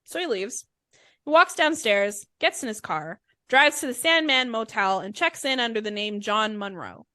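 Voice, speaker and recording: Woman podcast host, bright, slightly high voice, chatty and irreverent storytelling, dry close sound. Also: expressive, normal speed, dry recording. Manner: chatty and irreverent, swears freely. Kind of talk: casual comedic storytelling.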